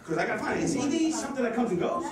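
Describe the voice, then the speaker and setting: A man doing stand-up in a club, his voice high and swinging wildly up and down as he rattles off a fast, profane set. He sounds nervous and keyed up. The recording is echoey and taken from far off, with a loud crowd laughing throughout. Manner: fast, excitable, profane delivery. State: nervous, sweating. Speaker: stand-up comedian. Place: comedy club stage. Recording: echoey club audio from afar. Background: audience laughing.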